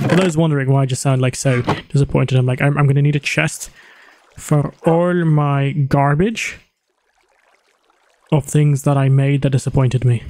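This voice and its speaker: A man's voice: mid-range voice, animated, darkish tone, slight background noise. A man hosting his own gaming channel, chatting through his play with jokes and sudden exclamations. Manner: chatty self-narration, joking, quick exclamations. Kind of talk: let's play commentary.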